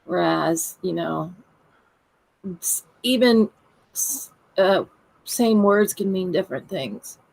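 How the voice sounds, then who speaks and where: A woman's voice: lowish voice, slow pace, creaky, long pauses, darkish tone, poor audio. A woman with a Southern American accent, co-hosting a casual paranormal chat on a video call and laughing easily. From Southern United States. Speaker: paranormal investigator and co-host.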